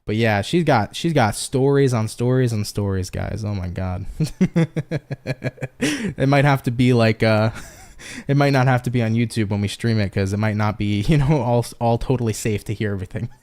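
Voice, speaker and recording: A man's voice: on the low side, fairly quick, a little mellow. A man hosting a tarot channel, chatting casually on a stream, laughing often and swearing freely. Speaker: tarot reader and channel host. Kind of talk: casual chat on a live stream.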